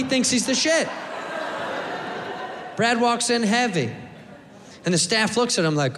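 A man doing stand-up, telling a story with lively put-on voices. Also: sits high, unhurried, long pauses. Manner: animated, puts on voices in his stories. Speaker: stand-up comedian. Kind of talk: stand-up set. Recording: live room with long reverb and noise.

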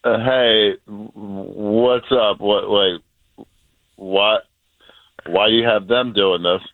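A man's voice: fairly low pitch, steady tone, takes it slowly, no echo. A man on a live phone call to a radio show, blunt and exasperated, stumbling over restarts. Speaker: caller's husband on phone. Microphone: telephone. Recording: dry narrow phone line.

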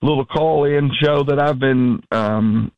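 A man who is a regular financial advisor on a radio call-in show, explaining annuities in an affable, steady way with many fillers. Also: mid-range voice, unhurried, no echo, highs cut off.

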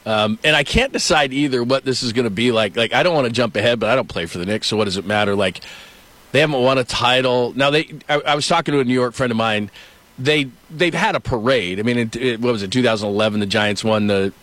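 Dry-voiced middle-aged sports talk host. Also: male voice, medium pitch, quick pace, no room sound. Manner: storytelling, animated.

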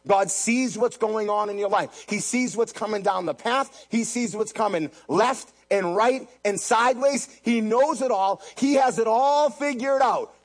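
A man with a high, husky voice preaches a sermon, pressing his points and repeating key lines for emphasis. Soft music plays faintly behind him. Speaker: pastor.

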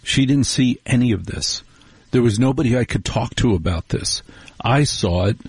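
A man hosting a late-night radio talk show, chatting with wry, animated asides and telling stories. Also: lowish voice, slightly rough, dry recording.

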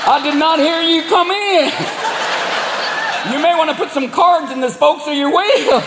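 A man's voice: extremely high pitch, a little slow, very noisy, pitched above the performer's own voice. A man voicing a crude gas station redneck who mocks a small car with coarse swearing. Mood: mocking. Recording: echoey live venue, loud crowd.

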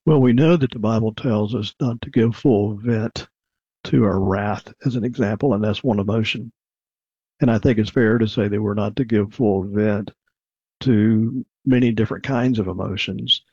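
An older man, a counselor, answering in a calm, measured radio interview. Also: lowish voice, breathy edge, no echo, dull audio. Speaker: counselor guest.

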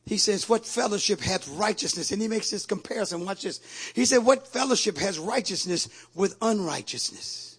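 High, gravelly, fiery preacher man. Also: moderate pace. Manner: impassioned, repeats questions to the congregation; calls on the crowd for response. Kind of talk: sermon.

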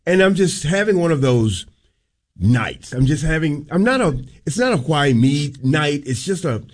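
A man's voice: fairly high pitch, very animated, normal speed. Earnest man telling a heartfelt story. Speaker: radio show co-host. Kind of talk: casual on-air storytelling.

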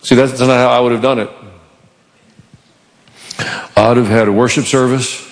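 A man's voice: mid-range voice, steady tone, normal speed, long reverb tail. A man preaching a sermon in church, telling a story with animation and acting out the quoted lines. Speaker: pastor.

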